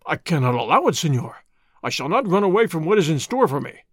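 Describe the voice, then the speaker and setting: A man's voice: on the high side, sing-song, fast, a bit bright, breathy edge, exaggerated voice. A man voicing a proud elderly nobleman who indignantly refuses help, in an audiobook reading.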